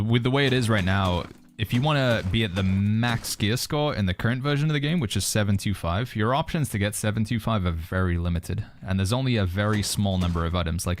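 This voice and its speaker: A man from the United Kingdom with a British accent that leans American, chatting casually on a game livestream, reading out and answering chat. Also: fairly low pitch. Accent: British, mixed with American. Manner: relaxed, reads chat messages aloud and answers them. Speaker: streamer.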